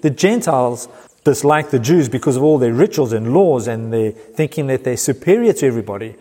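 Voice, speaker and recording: A man preaching a sermon in a church, earnest, slowing down and pausing to stress key words. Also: medium pitch, expressive, mellow, husky, long reverb tail. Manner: earnest preaching with slow emphatic pauses. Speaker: pastor.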